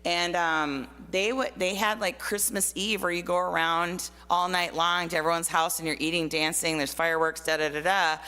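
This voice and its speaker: A woman's voice: lowish voice, steady tone, normal speed, hardly any pauses, bright, forceful tone, smooth. A middle-aged woman from Minnesota speaking as a guest artist, telling personal stories in a chatty way with many fillers. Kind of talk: casual personal talk. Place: church hall. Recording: long hall reverb.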